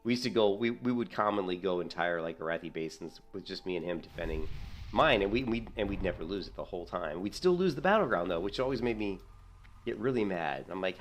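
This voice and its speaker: A man chatting casually while gaming, telling animated stories and jumping up high when he quotes himself. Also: fast talker. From United States. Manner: storytelling, jumps high when quoting himself. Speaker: gaming streamer.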